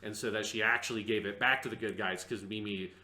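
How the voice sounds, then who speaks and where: A man's voice: lowish voice, fairly even intonation, fast, pushed and bright, roomy sound. A man co-hosting a casual review discussion, rambling with many fillers and hesitant restarts, sometimes slipping into mocking impressions. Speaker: podcast co-host.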